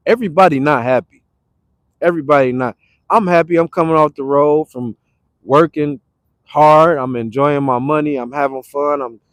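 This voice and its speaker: A man from Detroit talking casually on a livestream, animated and repetitive, breaking into loud acted retorts. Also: on the high side, dry recording. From Detroit, Michigan. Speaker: livestream host. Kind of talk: casual motivational livestream talk. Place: now staying in Arizona.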